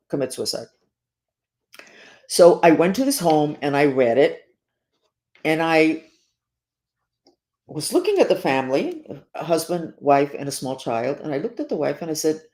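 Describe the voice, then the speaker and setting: A woman speaking as a spiritual teacher in a monologue to her listeners. She talks earnestly and urgently, repeats herself and slows down to stress key words. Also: deep voice, darkish tone.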